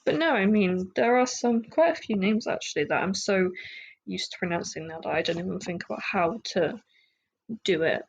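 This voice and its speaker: A woman's voice: medium pitch, normal speed, gravelly, breathy edge, rough recording. A woman with an English accent hosting a solo podcast, chatting casually in a rambling, self-deprecating way with lots of fillers. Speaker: podcast host.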